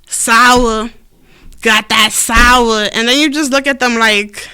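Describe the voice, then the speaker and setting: A woman hosting a casual podcast, high and a little out of breath, telling stories and acting out dialogue. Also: normal speed. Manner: loud laughing storyteller, acts out dialogue. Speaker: podcast host. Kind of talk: casual stoner chat.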